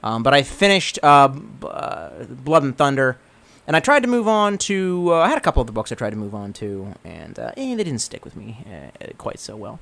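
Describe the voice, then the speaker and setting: Rambling, profane man with a lively voice. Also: medium pitch, normal speed, creaky. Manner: rambling, profane, stammering restarts; swings between excited and gloomy. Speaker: livestreamer reading chat. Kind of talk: casual livestream chat.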